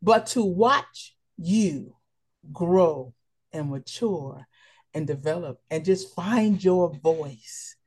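A woman's voice: fairly low pitch, animated, extremely slow, husky. A middle-aged woman, a local official, speaking as a podcast guest in a motherly way and praising the host with feeling. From Prince George's County, Maryland. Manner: warm motherly praise, emotional. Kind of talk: casual podcast interview.

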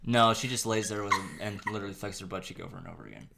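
A woman co-hosting a podcast in casual chat, laughing often and tossing in animated asides. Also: very deep voice, rapid-fire, gravelly, loud music behind the voice. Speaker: podcast co-host.

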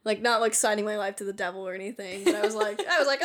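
A woman's voice: medium pitch, animated, racing. Giggly, swearing woman podcast host. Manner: giggly, swears freely, heavy use of "like". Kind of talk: casual chat.

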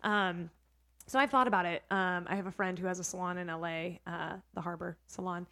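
A woman's voice: fairly low pitch, fairly even intonation, fairly quick, a bit bright. A woman who works as a hair educator, a podcast guest chatting casually, with lots of "like" and "you know what I mean.". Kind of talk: casual interview chat.

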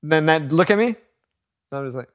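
Young man, slightly high voice, swears a lot, animated storyteller acting out voices in casual chat. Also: a little fast, no echo, clean studio sound. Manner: animated, profane storytelling, acts out people.

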